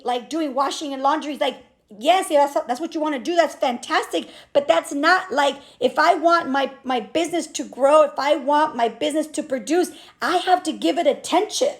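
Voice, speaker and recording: A high-pitched woman in her thirties speaks openly in a personal vlog. Her talk is candid and animated, circling back with restarts as she works through her thoughts. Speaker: business owner and mother.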